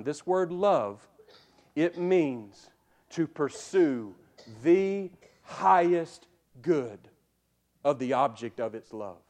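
A slightly high-voiced man delivers a sermon straight to his listeners. Emphatic, he moves between hushed and loud passages and builds his argument by repeating words.

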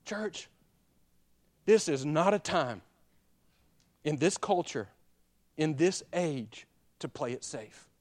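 Man, 30s, pastor, sermon, lively emphatic delivery. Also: a little high, slow pace, long pauses. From Alabama. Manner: swings from hushed confession to loud emphatic preaching.

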